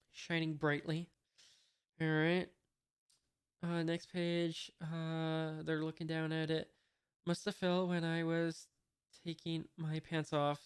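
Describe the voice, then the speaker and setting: Smooth, flat-voiced comic reader, slow and hesitant. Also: mid-range voice. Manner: hesitant, frequent "uh" fillers, reads dialogue flatly without voices; wry, mildly puzzled asides. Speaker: manga reader and commentator. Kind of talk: casual read-through of a comic chapter.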